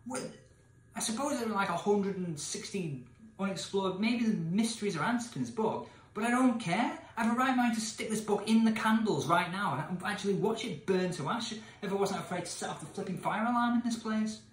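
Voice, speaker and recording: An English vlogger in his thirties reads a gamebook and rants to camera in exasperated disbelief, swinging from shouting to muttered asides. His voice sits high and animated, a little fast, in a reverberant candlelit room away from home.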